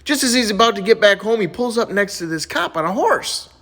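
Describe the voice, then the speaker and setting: A man's voice: high voice, animated, a little fast, fairly bright tone. A man telling jokes in a casual, chatty way and laughing at his own punchlines. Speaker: joke teller.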